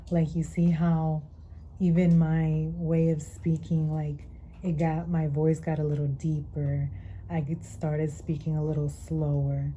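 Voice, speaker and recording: A woman talks through a spiritual tarot reading in an earnest, repetitive way, pulling the listener in with "okay?" and sighing between thoughts. Her voice sits a bit low and sounds very dark and mellow. A faint noise runs under the recording. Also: low-quality recording. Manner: earnest, repeats phrases, adds "okay?" to draw the listener in. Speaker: tarot reader.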